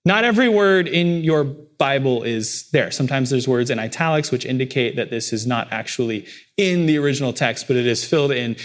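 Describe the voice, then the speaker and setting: A man preaches a sermon as pastor, his delivery swinging between quiet, heavy low stretches and raised, emphatic lines.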